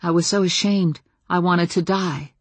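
A woman reads a first-person novel aloud with a measured, dramatic delivery. Her voice has a husky edge. It sits close and dry on a studio mic. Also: fairly low pitch, no room sound. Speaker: audiobook narrator. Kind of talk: first-person fiction narration.

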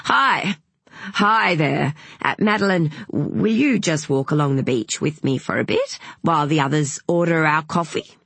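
Narrator as an anxious fussy mother, high fluttery lines, husky breathy tone. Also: lively intonation, measured pace, a bit bright, no room sound, exaggerated voice.

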